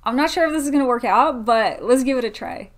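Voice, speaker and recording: A woman's voice: sits high, fast talker. A woman vlogging a sewing project at home, thinking aloud casually with lots of "like" fillers and a self-deprecating manner.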